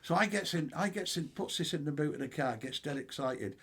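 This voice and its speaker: Gravelly man telling stories. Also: fairly high pitch, fairly quick. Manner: animated anecdote-teller, acts out dialogue. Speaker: co-host. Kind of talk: casual storytelling chat.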